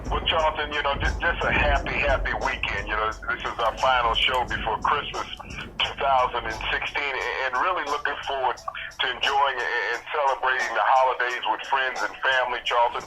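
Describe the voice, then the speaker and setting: An easygoing, joking man co-hosting a sports talk radio show, leaning on "you know" as he chats. His voice sits at a mid pitch. Music plays clearly behind the broadcast. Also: steady tone, normal speed, poor audio. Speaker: radio co-host.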